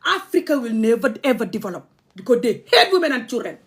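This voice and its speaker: A woman's voice: fairly high pitch, big pitch swings, quick pace. A young adult woman from the Gambia, ranting angrily on a livestream. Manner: impassioned, angry, confrontational. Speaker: vlogger. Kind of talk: livestream rant.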